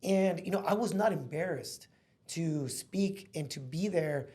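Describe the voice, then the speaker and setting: Earnest man with a mellow voice. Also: on the high side, measured pace. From Mexico. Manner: earnest, heartfelt, calls listener bro and man. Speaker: podcast guest. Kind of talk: casual podcast storytelling.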